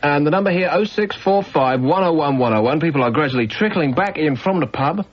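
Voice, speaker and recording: A man's voice: fairly high pitch, animated, a little fast. A man from the UK hosting a late-night radio phone-in, talking in a wry, teasing, rambling way. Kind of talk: casual radio phone-in chat. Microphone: studio microphone. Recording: dull 1990s radio broadcast with faint hiss.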